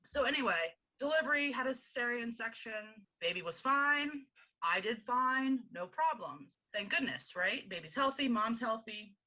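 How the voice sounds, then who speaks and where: Bright-voiced woman telling a personal story. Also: fairly high pitch, moderate pace, low-quality recording. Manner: animated, acts out quoted dialogue with frequent laughs. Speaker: podcast guest. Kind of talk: candid personal storytelling in an interview.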